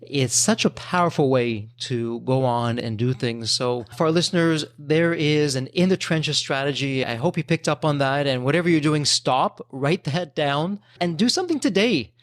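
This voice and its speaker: A man's voice: a little high, moderate pace, hardly any pauses, no room sound. A man hosting a podcast, recapping his guest's points and speaking directly to listeners. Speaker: podcast host. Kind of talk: casual interview chat.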